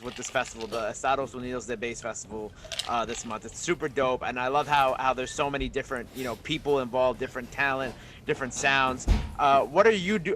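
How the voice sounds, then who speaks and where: A male host running a casual interview, relaxed and enthusiastic, reacting with short comments. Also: mid-range voice.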